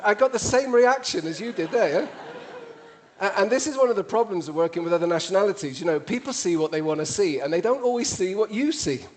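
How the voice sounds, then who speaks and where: A man's voice: high-pitched, lively intonation, fast talker, some chatter behind, slight background noise. A man with an English accent giving a witty, conversational public talk to an audience. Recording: played from a video.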